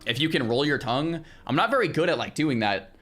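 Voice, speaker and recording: A young man streaming, chatting casually with his viewers in an animated way, with lots of restarts and loud exclamations. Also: a little high, brisk, faint music behind. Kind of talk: casual livestream chat with viewers.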